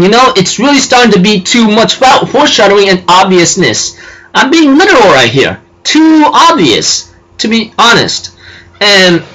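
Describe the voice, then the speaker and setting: High bright-voiced rambling man. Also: rough recording. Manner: rambling, filler-heavy, self-correcting. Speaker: anime reviewer. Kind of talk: casual episode recap.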